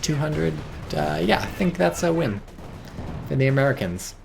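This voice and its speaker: A man giving casual, excitable commentary on a strategy game, swearing and reading chat aloud. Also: fairly high pitch, moderate pace, gravelly, over music. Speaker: game caster.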